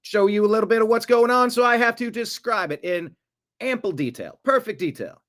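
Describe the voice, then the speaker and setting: A brash 1920s gangster-style radio reporter, as a man puts on the voice pitched high above his usual tone. He rattles off his report quickly and loudly, clipped and tough, tagging his lines with "see?", in the manner of an old radio broadcast. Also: lively intonation. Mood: playful. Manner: clipped tough-guy patter, tags "see?".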